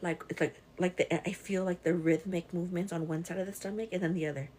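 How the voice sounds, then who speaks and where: A woman's voice: lowish voice, steady tone, quick pace, a little mellow, a little hiss or hum. A young pregnant woman hosting a casual live stream, reading viewer comments in a chatty, affectionate way and calling everyone "girl". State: pregnant with twins.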